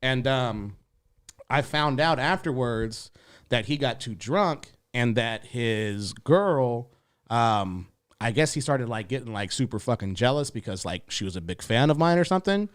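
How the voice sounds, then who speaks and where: Young dude spinning a story on a podcast, chill and cussing a lot, middle-pitched voice, pops way up doing other people's lines. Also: male voice, animated, a little slow, dry recording, studio quality. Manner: laid-back, profane, heavy fillers, acts out quotes in raised voice. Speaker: comedian guest.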